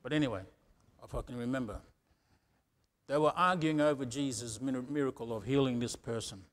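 A man's voice: medium pitch, a little fast. A middle-aged male pastor preaching a sermon in a conversational way, often asking the congregation "Amen?".

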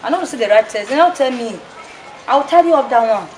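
A woman's voice: fairly high pitch, expressive, fast, darkish tone, close to an everyday voice, poor audio. A woman playing a chatty young student. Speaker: actor. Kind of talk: Nollywood movie acting.

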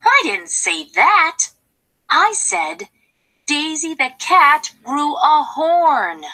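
A woman voicing an excitable, chattering duck in a storybook with an urgent, squeaky voice. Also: extremely slow, exaggerated voice.

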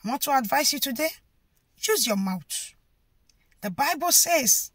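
A woman preaching a sermon, rising to impassioned shouted pleas. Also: sits high, big pitch swings, a little slow, breathy edge, no echo.

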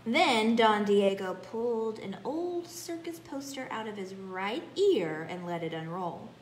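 Woman teacher, unhurried storybook reading, animated and expressive, echoey room. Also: mid-range voice. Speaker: children's class teacher. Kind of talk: reading a picture book aloud. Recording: echoey room, faint background hum.

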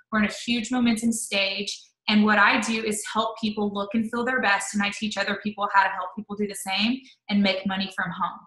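A chatty, upbeat woman talks her team through how she messages new recruits. Her voice is bright and forward, with lots of "um" and "like" as she goes. The room around her rings with noticeable echo. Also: mid-range voice. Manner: upbeat, chatty, says "um" and "like" often. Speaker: network marketing leader. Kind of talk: casual live-stream training talk.

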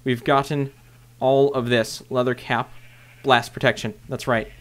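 A young man casually narrating his own game play to viewers, chatty and bursting into loud excited shouts. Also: medium pitch, a little slow. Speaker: gaming video host. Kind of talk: casual Minecraft let's play commentary.

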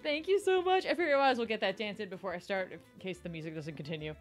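A young woman from New Jersey streams a cooking game, chatting casually, giggling, thanking viewers and reading tutorial text aloud. Her voice is medium-pitched and racing, with soft background music.

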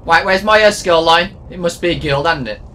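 A young man bantering casually while playing a video game, jokey, teasing and excitable. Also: fairly high pitch, brisk. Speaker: gaming channel co-host.

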